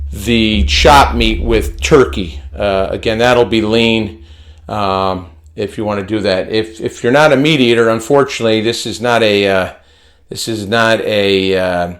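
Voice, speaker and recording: A man walks through a home recipe in his kitchen. He takes his time and talks in a relaxed, unhurried way, folksy and chatty. He often repeats words and restarts phrases, in a mid-range voice. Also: mid-range voice. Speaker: home cooking vlogger. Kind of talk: casual cooking demonstration.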